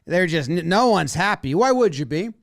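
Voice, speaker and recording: A man giving an animated video breakdown of a baseball game, acting out what the players might be saying. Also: high-pitched, brisk, creaky, dry recording, clean studio sound. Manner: animated, acts out players' imagined lines.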